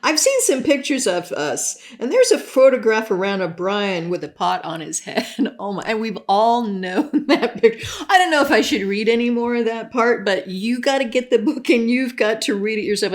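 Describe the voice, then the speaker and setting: A woman of middle pitch talking casually as she flips through a book. She reads passages aloud and breaks off into chatty, giggly asides full of fillers. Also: animated, normal speed, few pauses. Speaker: book vlogger. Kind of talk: casual chat reading book excerpts aloud.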